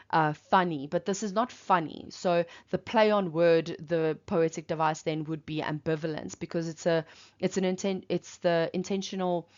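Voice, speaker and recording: A woman teacher talking through a poem line by line, reading quotes and then explaining them in a reflective, explanatory way. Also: lowish voice. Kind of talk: poetry analysis lesson. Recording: dull lo-fi recording.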